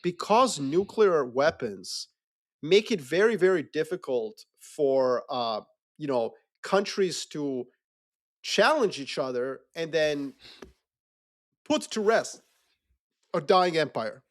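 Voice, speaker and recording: A man talking politics in a loose, animated way, swearing freely and acting out quick mocking voices. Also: fairly high pitch. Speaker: podcast co-host. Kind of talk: casual geopolitical discussion.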